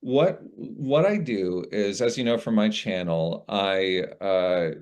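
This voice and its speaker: A man's voice: fairly low pitch, lively intonation, takes it slowly, a little mellow, clean tone. A man, a guest audiobook narrator in casual conversation, rambling and reflective, with frequent restarts.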